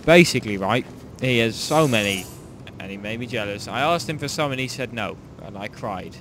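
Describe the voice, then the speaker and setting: A young man from Ireland rambles through a co-op game session, mid-range in pitch. He jokes around and keeps restarting his sentences, with faint noise under his voice. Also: lively intonation, moderate pace, fairly bright tone. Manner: rambling, jokey, trailing off and restarting. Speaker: gaming channel host. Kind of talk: casual gameplay chat.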